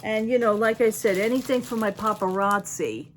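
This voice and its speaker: A woman's voice: mid-range voice, moderate pace, a little hiss or hum. A woman in casual show-and-tell chat, rambling and restarting as she shows off bargain jewelry. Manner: chatty, rambling, with frequent restarts and fillers. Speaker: haul vlogger.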